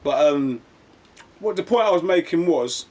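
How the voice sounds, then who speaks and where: A man's voice: fairly high pitch, animated, moderate pace, darkish tone. A man, an actor chatting casually and telling rambling stories with restarts. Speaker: actor and guest. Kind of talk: casual conversation, storytelling.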